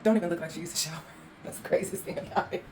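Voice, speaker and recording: A woman's voice: on the low side, rapid-fire, background noise. A woman hosting a walkthrough vlog, exasperated and ranting as she films indoors in a condo on a handheld phone. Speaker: host.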